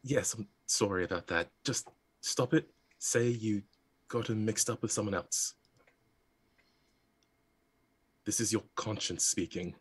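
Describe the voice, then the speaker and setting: A man voicing a gentle, apologetic female telepath with a British accent. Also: on the low side, normal speed, breathy edge. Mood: soothing.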